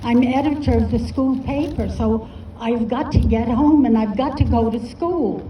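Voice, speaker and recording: A woman's voice: fairly high pitch, moderate pace. An older woman telling a personal story at a storytelling festival, earnest and encouraging. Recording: distant, echoey, dull with faint noise.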